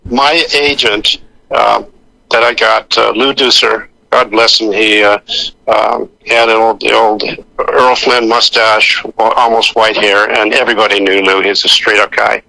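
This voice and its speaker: An older man with a gravelly, low-pitched voice tells his stories in a rambling way, stopping and restarting and putting on the voices of the people he quotes. His tone is bright and forceful. The sound is dry and close, with no room around it. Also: little pitch movement, measured pace, no echo, poor audio. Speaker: actor guest. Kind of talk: anecdotal storytelling.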